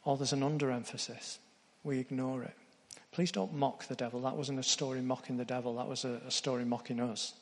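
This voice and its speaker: A man's voice: medium pitch, steady tone, fairly quick, few pauses, big-room sound. A man preaching a sermon, earnest, putting direct questions to his congregation.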